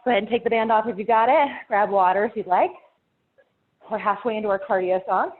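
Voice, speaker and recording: A woman's voice: medium pitch, fairly even intonation, fast. Breathless woman fitness instructor counting reps. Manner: encouraging, counts down reps, laughs between cues. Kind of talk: live workout class cueing. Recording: tinny phone-like audio.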